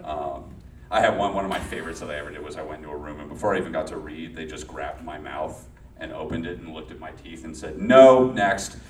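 Rumbling low yet fairly bright, this former child actor from Los Angeles speaks quickly and flatly as a guest telling a story before a live crowd. He rambles, cuts himself off and laughs a lot. The mic is distant in a roomy space with slight background noise.

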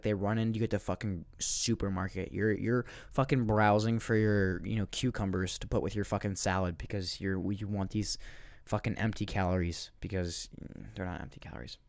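Young man, lower pitch, profane rambling rant. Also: a little mellow, smooth, no echo, clean studio sound. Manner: profane, rambling, restarts often. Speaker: podcast host. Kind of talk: comedic rant.

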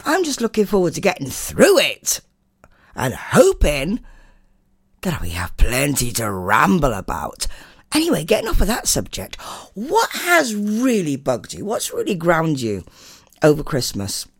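An older woman hosting a radio show, chatting casually and reading listener messages, her voice a bit hoarse from a chest infection. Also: unhurried, dry recording, studio quality. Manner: chatty and animated, swooping pitch. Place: radio studio.

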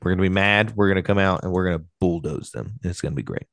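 A man co-hosting a casual sports podcast, an excitable fan who blusters about his team. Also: low-pitched, fast, creaky, slight background noise. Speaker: podcast co-host.

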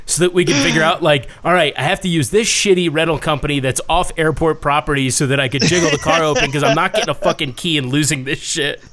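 A man with a somewhat high voice swaps loose, profane stories in a relaxed chat. He talks in quick bursts, piling on fillers and laughing at his own punchlines. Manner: profane, animated anecdotes with laughter. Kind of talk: casual storytelling chat.

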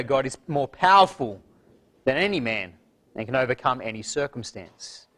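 A man's voice: mid-range voice, fairly bright tone. Earnest man preaching an evening sermon. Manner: earnest, measured, with frequent fillers and throat clearing. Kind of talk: sermon with scripture reading.

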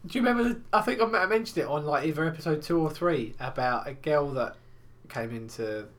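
A man's voice: fairly high pitch, a little fast. A young man co-hosting a podcast, telling crude stories in casual banter with lots of swearing and acted quotes. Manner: profane, animated storytelling with acted quotes. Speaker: podcast co-host.

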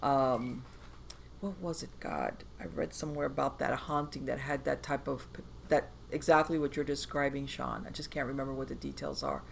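A host with a gravelly voice chats casually and reacts to a guest, laughing often. There is faint noise behind the voice. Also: mid-range voice, fairly even intonation, normal speed. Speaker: podcast host. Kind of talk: casual chat.

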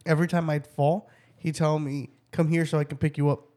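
A man's voice: on the high side, brisk. A man in casual crude banter, telling stories with lots of laughter and profanity. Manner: storytelling, laughing, lively swings.

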